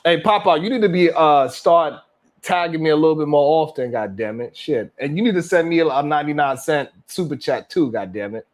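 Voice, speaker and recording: A man from New York hosts a live reaction stream, his voice sitting slightly high. He keeps it loose and casual and peppers his banter with curses. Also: fairly quick. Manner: loose banter, heavy cursing, frequent laughs. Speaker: live stream talk show host.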